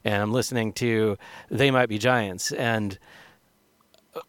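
A man's voice: on the low side, steady tone, unhurried, smooth, no room sound. Reflective man hosting a music show, dry. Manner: thoughtful, reflective, with frequent ums and restarts. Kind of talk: casual spoken commentary between songs.

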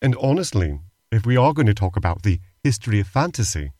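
A man's voice: lowish voice, sing-song, fast, darkish tone, no echo. A man co-hosting a comedy podcast, answering in a dry, exasperated manner. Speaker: podcast co-host.

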